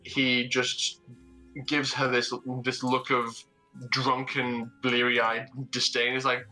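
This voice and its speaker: A man's voice: mid-range voice, completely flat delivery, unhurried, sharp tone, soft background music, rough recording. A man narrating a tabletop game as game master, casual and stammering.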